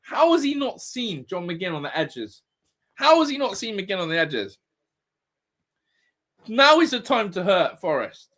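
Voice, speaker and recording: A fired-up man hosts a live fan watch-along, his voice leaping around as he yells at the players. His pitch sits a little high, and he swears freely between bursts of commentary. He swings from shouting to grumbling. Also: big pitch swings, unhurried, long pauses.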